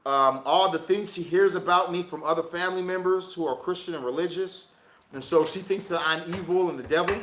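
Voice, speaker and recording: Man, high and bright voice, casual slangy tarot reader on a livestream who laughs a lot, echoey room. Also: a little hiss or hum. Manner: laughing, slangy, joking asides.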